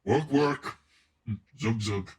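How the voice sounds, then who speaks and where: A man talking through an in-game voice changer filter, slowly showing off each effect. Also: medium pitch, reverberant, distant mic. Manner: slow demonstrating chatter.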